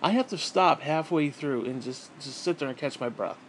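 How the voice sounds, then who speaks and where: A man's voice: fairly high pitch, animated, moderate pace, a little hiss or hum. Frustrated swearing man venting at home. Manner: frustrated, swearing, rambling with restarts. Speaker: vlogger. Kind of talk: casual rant to camera.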